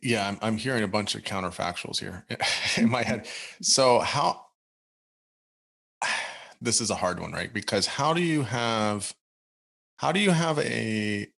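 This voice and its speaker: A man with a low, gravelly voice hosts a podcast conversation. He thinks aloud as he goes, circling back and restarting his sentences. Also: expressive, a little slow, a bit bright. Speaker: podcast host. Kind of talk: casual interview conversation.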